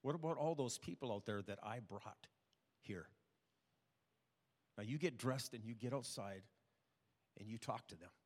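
A man voicing God as a gently scolding presence in a sermon story, low and quiet. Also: moderate pace, pauses often, natural voice. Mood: chiding. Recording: long hall reverb.

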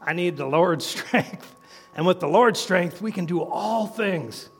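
Middle-aged male preacher, high voice, folksy and chuckling, long hall reverb. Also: expressive, measured pace, breathy edge. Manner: folksy, chuckles between points. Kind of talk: sermon.

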